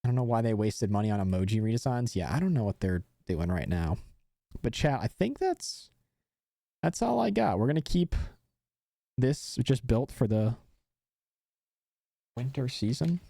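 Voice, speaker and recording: Mellow-voiced young male streamer. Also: medium pitch, sing-song, moderate pace, gravelly, long pauses, dry recording, studio quality. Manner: rambling, many fillers and restarts. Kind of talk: casual live-stream chat.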